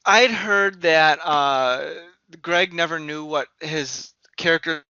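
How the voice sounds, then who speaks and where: Male co-host from Illinois, bright and crisp, hesitant in delivery, lo-fi podcast sound. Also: a little high, slow. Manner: hesitant, trailing restarts. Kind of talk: casual chat about a film. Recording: dull lo-fi podcast audio.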